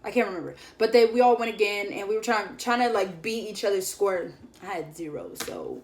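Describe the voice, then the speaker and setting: A young woman recounts her day as a vlogger in a loose, chatty storytelling style, leaning on filler words and playing out what her friends said. Her voice sits at an ordinary middle pitch for a woman. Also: animated, a little fast, a little hiss or hum. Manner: chatty, filler-heavy, acts out quoted friends. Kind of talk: casual storytelling.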